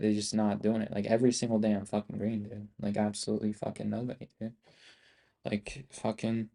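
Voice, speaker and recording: A man's voice: on the low side, mellow. A young man live-streaming his trading, talking casually to his chat in a rambling, profane, boastful and repetitive way. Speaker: live-streaming options trader.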